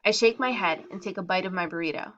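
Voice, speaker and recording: A woman's voice: fast, dull audio, a little hiss or hum. A woman reading a first-person story aloud, briefly voicing the other girls in their lines. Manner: acts out the girls' lines with shifts in pitch and loudness. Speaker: reader.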